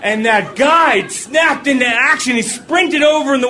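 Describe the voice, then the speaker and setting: A man telling a funny personal story to a live audience, animated and jokey, acting out the voices. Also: very high-pitched, moderate pace, shouting, noisy background.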